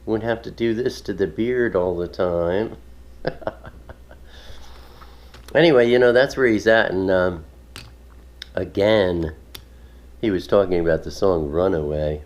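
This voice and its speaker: Slow, low-voiced man chatting casually. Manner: rambling, chuckling, many fillers. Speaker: ministry video host. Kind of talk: casual home video chat.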